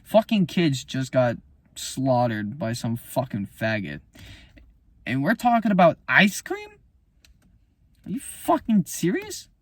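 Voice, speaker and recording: A man's voice: mid-range voice, wildly swooping pitch, slow pace, pauses often, dry recording. A man, a musician, talking about his album in a casual, profane, heated rant. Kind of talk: casual unscripted monologue.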